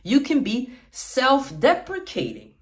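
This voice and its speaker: An emphatic man gives dating advice straight to camera. His pitch swings widely as he punches key words. He keeps checking in with a quick "okay?" and slips into little acted-out lines. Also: huge pitch swings, a bit bright. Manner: emphatic, repeats "okay?" often; acts out sample lines in varied tones. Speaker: dating coach. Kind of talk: talking-head coaching video.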